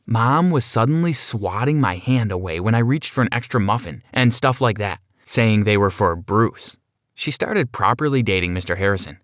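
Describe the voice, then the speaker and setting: A man narrates a first-person story in a plain, conversational manner. His voice sits low. The recording is close and dry, with no room sound. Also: animated, normal speed, a bit bright, dry recording.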